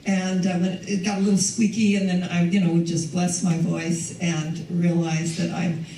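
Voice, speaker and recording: A woman's voice: fairly low pitch, level tone, moderate pace, recorded from a distance, slight background noise. Older woman minister preaching in echoey hall. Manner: warm, conversational, laughs often. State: recovering from lost voice. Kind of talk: sermon.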